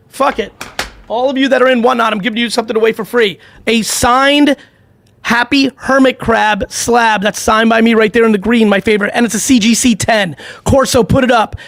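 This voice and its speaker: A man's voice: very high voice, vocal fry, fairly bright tone, dry recording. A middle-aged man hosting a live stream, talking in an intense, profane, emphatic way with lots of repetition. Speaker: livestream host running giveaways. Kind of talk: unscripted live-stream pep talk and sales pitch.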